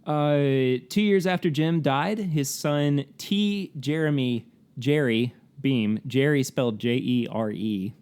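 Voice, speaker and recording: A male podcast co-host with a clean, darkish, mid-range voice talks slowly. The conversation is casual, and he works through facts with frequent fillers and bursts of laughter.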